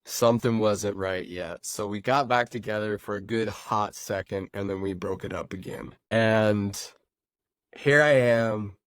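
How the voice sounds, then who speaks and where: A man hosting a podcast, telling his own recovery story in an animated, repetitive way and talking straight to his listeners. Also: on the low side, unhurried, smooth, dry recording. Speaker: podcast host.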